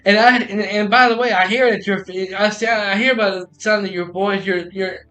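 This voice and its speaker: A man's voice: high-pitched, steady tone, moderate pace, sharp tone, faint music behind. A man telling a personal story in a casual, rambling way, often restarting and repeating "I said.".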